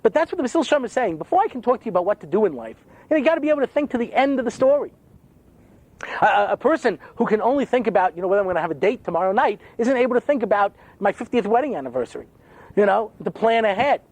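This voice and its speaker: A man's voice: high-pitched, racing, no room sound. An older man giving a humorous lecture as a rabbi, telling stories and acting out quotes. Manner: animated storytelling with jokes and acted-out quotes.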